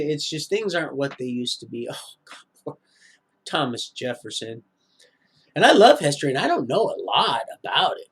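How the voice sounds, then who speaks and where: A man telling his life story on a live stream, halting and full of restarts, drifting into preachy religious asides. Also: a little high, creaky, a bit bright, husky. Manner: preachy, sprinkles in religious talk. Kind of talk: rambling live-stream monologue.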